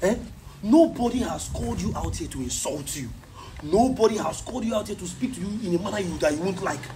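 A woman playing an elder brother who scolds his sibling, excitable and fast. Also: on the low side, a little hiss or hum, lightly acted, poor audio. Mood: scolding. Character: elder brother calling a family meeting.

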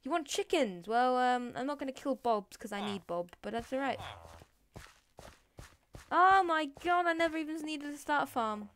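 A woman's voice: high-pitched, expressive, normal speed, fairly bright tone, a little hiss or hum. A woman giving casual Minecraft gameplay commentary, chatting to the mobs and villagers and swearing playfully as she goes. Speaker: Minecraft let's player.

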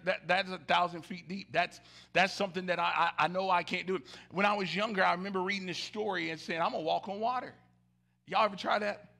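A pastor with a high, gravelly voice preaching a sermon to his church. His tone is bright and sharp, and he swings between loud shouts and low, hushed murmurs. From Southern United States. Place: church sanctuary.

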